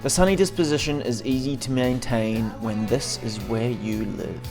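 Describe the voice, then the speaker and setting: A man's voice: medium pitch, moderate pace, gravelly, music in the background. A man hosting a cooking and travel vlog, talking in a wry, upbeat and self-mocking way, partly outdoors on a hike. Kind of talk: casual vlog talk and scripted voice-over.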